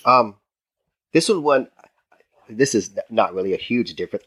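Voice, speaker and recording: A man's voice: medium pitch, lively intonation, normal speed, fairly bright tone, husky. A man hosting a conversational interview, asking short, list-driven questions. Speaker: podcast host.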